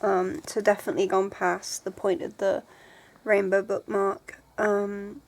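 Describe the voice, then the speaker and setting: A book vlogger in her twenties, tired and in pain, rambles emotionally in a casual video, full of "like"s and restarts. Her medium-pitched voice is creaky, a little slow, with little pitch movement. There's a slight hiss or hum.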